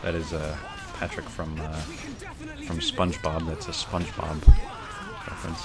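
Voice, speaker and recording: A man's voice: extremely low pitch, little pitch movement, moderate pace, over loud music. A man streaming a video game, chatting casually with lots of fillers and restarts. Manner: rambling, many fillers and restarts, banter with chat. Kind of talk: casual chat while gaming.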